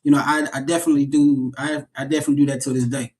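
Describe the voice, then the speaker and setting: A man being interviewed as an actor, telling stories in a casual, animated way and often repeating his words as he goes. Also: medium pitch, rapid-fire.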